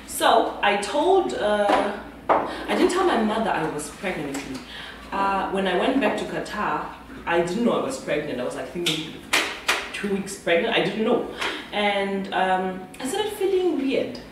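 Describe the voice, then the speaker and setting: A woman's voice: medium pitch, big pitch swings, a little slow. A young South African woman telling a personal story to camera, chatty and often laughing. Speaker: vlogger. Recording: echoey room with noise, far from mic.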